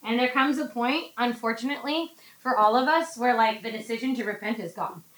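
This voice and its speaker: A woman teaching a casual Bible study, chatty and animated, acting out quotes from the text. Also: on the high side, a little fast, reverberant, rough recording.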